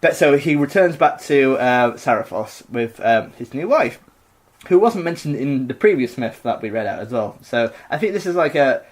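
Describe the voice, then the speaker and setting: A man's voice: mid-range voice, lively intonation, moderate pace. A man co-hosting a podcast, retelling a myth in a rambling, jokey way with lots of fillers. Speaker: podcast co-host. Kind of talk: casual comedic myth retelling.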